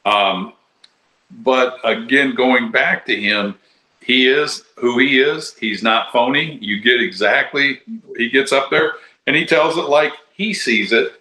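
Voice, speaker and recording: A man's voice: mid-range voice, slow, pushed and bright. An older man and podcast co-host talking politics in a rambling, casual way with plenty of fillers. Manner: rambling, conversational, many fillers. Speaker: podcast co-host, former congressman. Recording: roomy echo.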